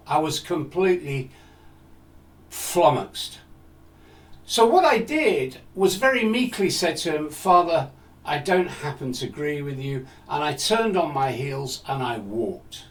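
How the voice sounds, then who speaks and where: A man in his seventies telling a personal story in a talk, reflective and asking rhetorical questions. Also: on the high side. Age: 70s. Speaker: speaker. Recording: roomy echo, distant mic.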